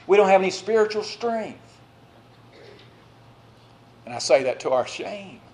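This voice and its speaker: A male preacher delivers a sermon with a slightly high voice, alternating loud exhortation with quiet, drawn-out phrases and tossing conversational asides to the congregation.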